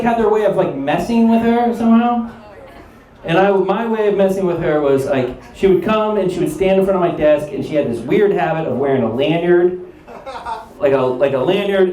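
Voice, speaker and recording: A man doing a stand-up comedy set, telling a story in an animated way and laughing through his lines. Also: on the high side. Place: live comedy stage. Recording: roomy live venue with crowd. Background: audience laughter.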